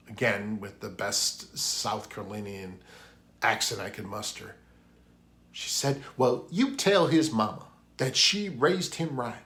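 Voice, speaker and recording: A man's voice: mid-range voice, fairly bright tone. A man preaching a sermon for an online worship video, opening with a prayer and telling a story in an earnest voice that rises for emphasis. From New England. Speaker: pastor.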